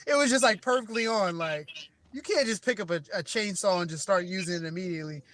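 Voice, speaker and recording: A man's voice: sits high, quick pace, fairly bright tone, a little hiss or hum. A man on a video call chatting casually about a movie, rambling with lots of fillers. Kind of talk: casual movie review chat. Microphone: video call with a dropping connection.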